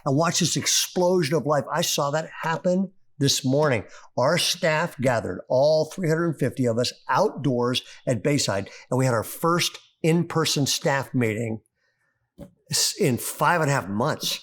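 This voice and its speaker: A middle-aged male pastor preaching a sermon, telling a story with rising excitement. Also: on the high side, normal speed. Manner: animated storyteller, voice climbing when excited.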